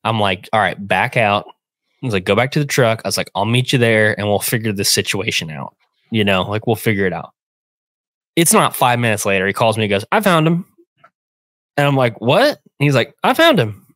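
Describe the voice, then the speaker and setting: A young man casually retelling a hunting trip, animated and acting out the voices in a phone call. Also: lowish voice, fairly quick, dry recording. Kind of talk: casual storytelling.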